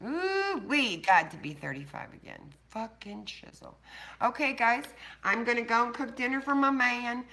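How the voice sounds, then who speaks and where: A woman's voice: fairly high pitch, normal speed, pushed and bright. An older woman hosting a casual livestream, chatting bluntly and swearing freely with her viewers. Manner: blunt, profane, talking straight to chat viewers. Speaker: livestream host. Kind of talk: casual live-stream chat.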